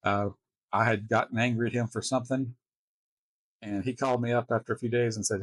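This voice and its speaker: A man hosting a reaction video, telling personal stories in a halting, casual way with wry chuckles. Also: medium pitch, fairly even intonation, no room sound. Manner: halting, restarts often, chuckles wryly.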